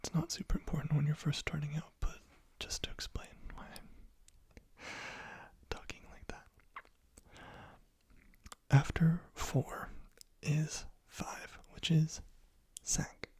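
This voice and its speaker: A man giving a whispered ASMR lesson into a close microphone, speaking gently and patiently and repeating each word softly. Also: a little high, flat delivery, slow, pauses often. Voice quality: whispered, breathy. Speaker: ASMR creator teaching French words.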